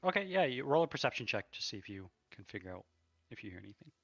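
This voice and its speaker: A man's voice: medium pitch, big pitch swings, quick pace, fairly bright tone, highs cut off, slight background noise. A man running a tabletop game as game master, with a hesitant way of talking and many fillers.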